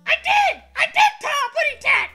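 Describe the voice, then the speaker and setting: A shrill, tiny mushroom man who bellows rock lyrics in a piercing falsetto. The voice leaps all over the place and sounds bright and cutting. It's a goofy impression tossed off on a game stream. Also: sing-song, normal speed, soft background music, exaggerated voice. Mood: shrieking. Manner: shrieks song lyrics in a strained falsetto. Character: squeaky little mushroom man belting rock songs.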